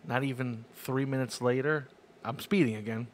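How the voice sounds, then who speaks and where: Man, co-host, casual chat, rambling, mid pitch, faint noise behind. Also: steady tone, normal speed. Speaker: podcast co-host.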